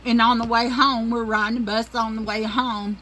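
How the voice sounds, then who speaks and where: A woman's voice: on the high side, level tone, normal speed, a bit bright, slight background noise, low-quality recording. A middle-aged woman, telling rambling, profane stories in a casual monologue and calling her listeners y'all.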